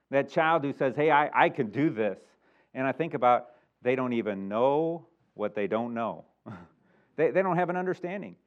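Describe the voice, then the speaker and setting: A middle-aged man preaching a sermon as a pastor, animated and emphatic, chuckling now and then. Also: a little high. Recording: muffled lo-fi recording.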